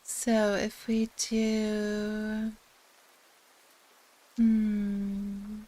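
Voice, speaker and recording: A woman's voice: medium pitch, monotone, extremely slow, dark tone. A woman streaming, chatting casually and laughing often. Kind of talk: casual chat.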